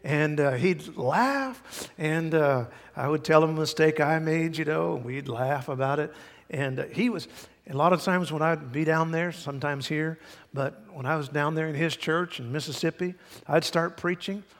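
A man's voice: on the high side, normal speed, a bit bright, big-room sound. A male pastor preaching a sermon in a church, folksy and emphatic with many asides. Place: church sanctuary.

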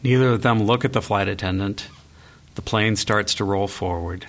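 A man reading screenplay stage directions aloud at a live reading, in a steady, even way. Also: on the low side, normal speed, slight background noise.

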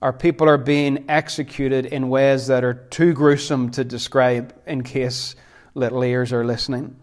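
A man preaching a sermon as pastor, impassioned, repeating phrases for emphasis and dropping to quiet intensity. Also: medium pitch, little pitch movement, measured pace.

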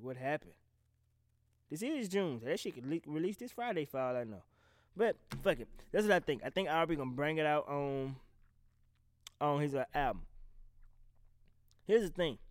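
A man from the American South, talking bluntly and with a lot of swearing in a casual, unscripted commentary, animated and often breaking off mid-sentence. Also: medium pitch, no echo. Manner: blunt, profane, animated, trails off and restarts. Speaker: vlogger reacting to rap beef.

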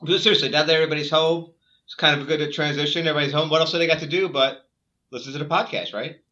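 A man co-hosting a podcast in casual banter, jokey and quick to laugh. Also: fairly high pitch, fairly even intonation, pushed and bright, muffled recording. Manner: jokey, laughing, repeats himself. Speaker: podcast co-host.

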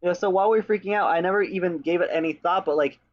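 A man with a somewhat high voice, heard through a dull, lo-fi recording. He co-hosts a podcast and recaps a movie in loose, joking chat packed with "like" fillers. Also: very fast. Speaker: podcast co-host. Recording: dull lo-fi audio.

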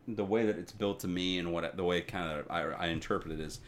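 A podcast co-host rambles casually about gaming news, full of fillers and restarts. His voice is low-pitched and brisk, with a little hiss or hum in the recording.

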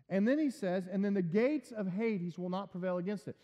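A man preaching a sermon, explaining a scripture verse step by step and building to emphatic high points. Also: moderate pace, mellow. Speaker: pastor. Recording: long reverb, dull lo-fi sound.

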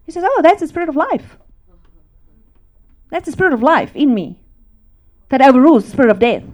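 A middle-aged South African woman delivers a testimony sermon, animated and laughing as she swings between loud and hushed. Her voice sits high and she speaks fairly quickly.

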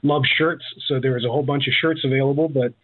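A man joining a casual podcast chat, talking haltingly with many fillers. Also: medium pitch, steady tone, dry recording. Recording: tinny, dry phone-like sound.

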